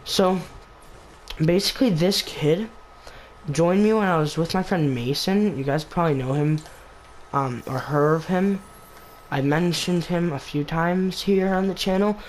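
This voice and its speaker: A man's voice: on the high side, unhurried, a little hiss or hum, rough recording. A man hosting a gaming channel, telling a story in a rambling, casual way, full of filler words and restarts. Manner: rambling, filler-heavy retelling with lots of "basically" and "like".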